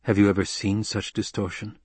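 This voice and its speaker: A man voicing a shrewd, calculating count in an audiobook, dry and deliberate with small hesitations. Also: on the low side, little pitch movement, a little mellow, slightly rough, no room sound. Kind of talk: audiobook character voice.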